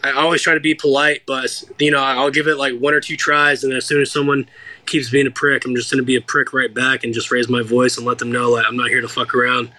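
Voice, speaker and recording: A young American man telling an animated, profane story as an interview guest, acting out the people he quotes. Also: mid-range voice, fast. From United States. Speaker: guest fighter.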